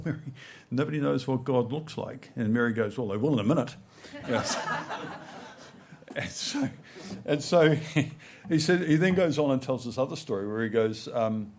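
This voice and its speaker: A man's voice: lowish voice, a little mellow. A middle-aged man, giving a conference talk in a conversational, anecdotal way, often checking in with "right?" and "you know". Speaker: conference speaker. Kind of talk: conference presentation. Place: conference hall.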